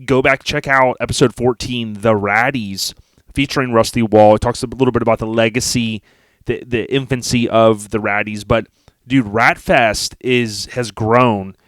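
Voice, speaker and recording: A man's voice: medium pitch, fairly even intonation, moderate pace, a bit bright, no echo, clean studio sound. A man hosting a podcast in casual conversation, enthusiastic and full of slang. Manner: enthusiastic, slangy, calls guest dude and man. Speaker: podcast host.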